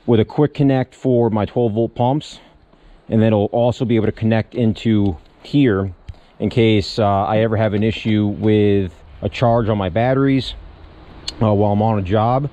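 A man in a casual how-to vlog, explaining step by step in a relaxed way while he works on his truck outdoors. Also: lowish voice, moderate pace, no echo. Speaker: small business owner showing a truck equipment setup.

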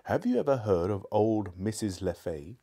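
A man voicing a scheming elderly male magician uncle who talks in a smooth, ingratiating way. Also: lowish voice, very animated, moderate pace, mellow, exaggerated voice.

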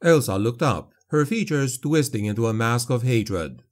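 A man narrating a dark fantasy audiobook in a steady, dramatic storytelling manner. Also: mid-range voice, normal speed, hardly any pauses.

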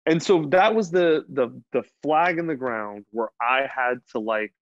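A man's voice: mid-range voice, expressive, measured pace, no echo. A man guesting on an interview show, telling a personal story in a candid, rambling way, full of fillers and casual swearing. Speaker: podcast guest. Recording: dull dry lo-fi sound.

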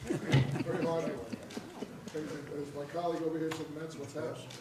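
A man's voice: a little high, flat delivery, moderate pace. A man serving as a state senator, questioning a witness at a hearing in a folksy, joking, long-winded way. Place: legislative hearing room. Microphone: table microphone, at first switched off. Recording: echoey distant hearing-room audio with noise.

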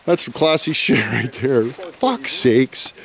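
A man's voice: mid-range voice, slow, gravelly, slight background noise. A man filming his buddies outdoors on a handheld camera, swearing, laughing and cheering them on in rowdy casual commentary. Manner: profane, laughing, excitable, calls everyone "boys". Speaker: vlogger filming friends.

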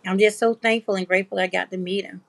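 A woman's voice: mid-range voice, fairly even intonation, quick pace, vocal fry, no room sound. A middle-aged woman, hosting a live craft stream and chatting casually with her viewers as she reads their comments. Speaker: craft livestream host. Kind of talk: casual livestream chat.

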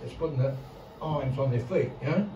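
A man's voice: mid-range voice, brisk, dull audio, a little hiss or hum. Swearing Australian man doing stand-up. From Victoria, Australia. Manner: crude, rambling, heavy swearing, laughs at own jokes. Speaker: stand-up comedian. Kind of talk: stand-up comedy. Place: casino comedy room with live audience. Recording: roomy live recording from a distance, loud crowd.

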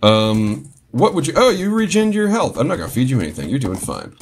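A man's voice: mid-range voice, huge pitch swings, fairly quick, slight background noise. A man casually commenting on his own gameplay, joking and talking to his game horse. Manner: playful, talks to his game horse in mock apology. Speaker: gaming channel host.

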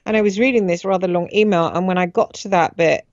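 A woman guest on a radio show, recounting a personal experience in a halting way as she searches for words. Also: fairly low pitch, no room sound, lo-fi sound.

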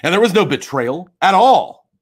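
A man's voice: high-pitched, big pitch swings, moderate pace, slightly rough. A man ranting on a live stream in a heated, profane and confrontational way. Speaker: livestreamer.

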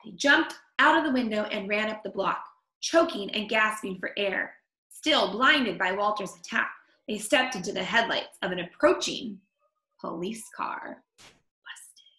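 Expressive woman reading a picture book. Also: medium pitch, measured pace. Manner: expressive, stops to comment on the story. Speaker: storyteller. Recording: echoey room.

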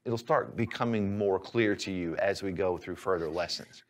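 Male language tutor. Patient, methodical explainer with a somewhat low voice. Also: moderate pace. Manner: patient, clear, step-by-step explaining. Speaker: language teacher. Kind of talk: instructional lesson.

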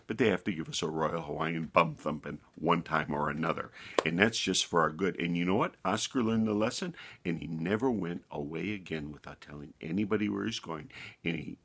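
A man reading a bedtime story aloud to children with a moral at the end, animated and homespun, often turning to the listener with asides. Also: low voice, husky.

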